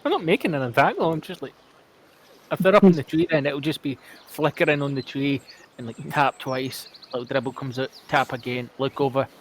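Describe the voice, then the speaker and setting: A man's voice: medium pitch, a little fast. A man playing in a tabletop game, joking and playful. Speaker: player. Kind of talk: tabletop role-play chat.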